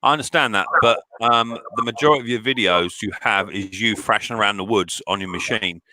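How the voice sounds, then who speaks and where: Husky British man, bright dry voice. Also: lowish voice, brisk, dry recording. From Britain. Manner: chatty, rambling with restarts and fillers. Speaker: live stream host, mower repairer. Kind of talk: casual live stream chat. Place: small cold workshop shed. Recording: dry, close studio mic.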